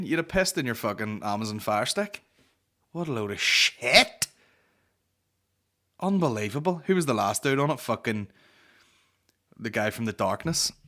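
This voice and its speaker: Casting: a young comic with a low, forceful voice and rambling, sweary podcast banter. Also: male voice. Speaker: podcast host. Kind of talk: casual comedic rant.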